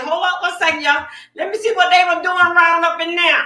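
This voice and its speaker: A woman's voice: extremely high pitch, brisk, hardly any pauses, sharp tone. Woman doing a live reaction stream, big exclamations, sounds far off in an echoey room. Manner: exclamatory, dramatic, talks to viewers. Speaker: livestream host. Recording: echoey room, distant mic.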